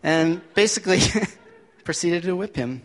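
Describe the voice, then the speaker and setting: A man's voice: high-pitched, expressive, measured pace, long reverb tail. A man finishing a story on stage, wry and casual, laughing through the punchlines.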